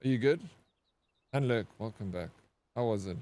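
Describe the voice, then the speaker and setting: A man's voice: lowish voice, moderate pace, dark tone. Chatty South African man streaming. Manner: chatty, swears freely, greets chat by name. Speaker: game streamer. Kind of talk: casual live-stream chat.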